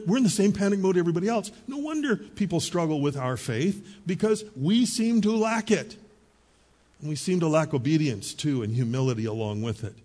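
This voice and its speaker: A middle-aged man preaching with a husky, somewhat breathy voice that sits fairly high for a man. He tells stories in an easy, conversational way, with quick asides to the congregation. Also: a little mellow. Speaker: pastor. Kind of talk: sermon.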